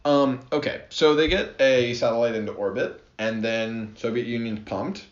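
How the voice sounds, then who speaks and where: A man co-hosting a podcast chats casually about history and laughs often as he explains it. His voice is mid-range, with a steady tone and normal speed. The lo-fi recording sounds roomy and dull.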